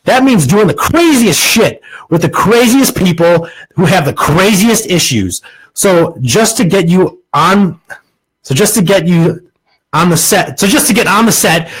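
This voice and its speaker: Young male podcast host, husky and fairly high, sarcastic comic monologue. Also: rough recording. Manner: crude, sarcastic, restarts lines.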